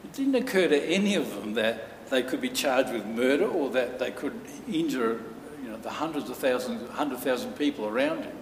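A man preaches in a church hall, building his story with earnest, dramatic pauses. He sounds set back from the microphone, and his voice rings out in a long, echoing reverb. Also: medium pitch, big pitch swings, a little hiss or hum. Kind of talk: sermon. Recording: echoey hall from far off.

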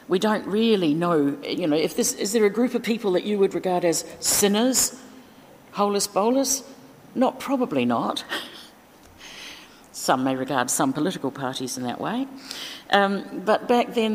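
Low-voiced woman preaching in a reverberant church. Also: slight background noise. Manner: chatty, informal, with fillers and asides. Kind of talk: sermon.

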